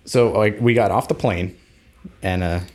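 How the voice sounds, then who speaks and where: A man's voice: on the low side, unhurried, darkish tone. A young adult man telling a story in a casual chat, acting out quoted voices.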